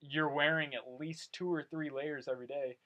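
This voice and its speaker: A young man hosting a casual podcast, telling stories in an animated way and swearing now and then. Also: a little high, moderate pace, dull audio. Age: young adult. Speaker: podcast host. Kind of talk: casual chat.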